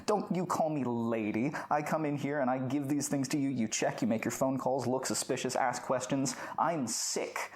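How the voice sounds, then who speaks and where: A woman's voice: rumbling low, normal speed, few pauses. A woman acting out a furious grieving woman. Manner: shouting-style outraged tirade, swearing.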